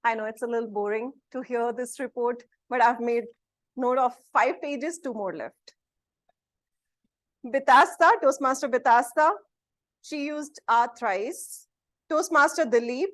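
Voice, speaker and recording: A woman giving a methodical club-meeting report as ah-counter, listing each speaker in turn. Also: high-pitched. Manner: methodical, lists speakers one by one.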